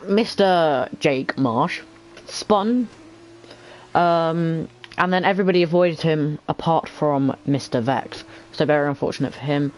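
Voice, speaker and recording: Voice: mid-range voice, measured pace, slight background noise, low-quality recording. A commentator giving lap-by-lap updates on a sim racing session in a casual, chatty way. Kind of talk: live race commentary.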